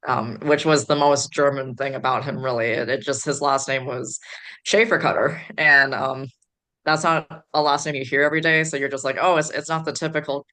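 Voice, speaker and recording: A woman's voice: rumbling low, fairly even intonation, normal speed, sharp tone. A woman from the Chicago area, a podcast guest, rambling through stories with many fillers. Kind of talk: casual podcast chat.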